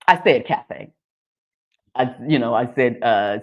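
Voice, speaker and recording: An American woman from Texas hosting a casual live stream. She talks in an animated way, with many restarts and fillers. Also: very deep voice, moderate pace, lo-fi sound. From Texas, United States. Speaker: host.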